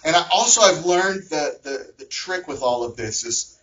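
A man in his thirties preaching a sermon as pastor, telling family stories with animated, acted-out shouting. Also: on the high side, normal speed, highs cut off. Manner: animated storytelling, acts out his sons' shouting.

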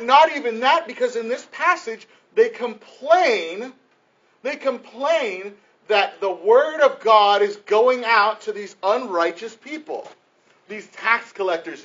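A man preaching a sermon, a pastor who tells family stories with lively emphasis, restarting his sentences and slowing down to stress his points. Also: high voice, highs cut off. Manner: animated storytelling, many restarts, slows for emphasis.

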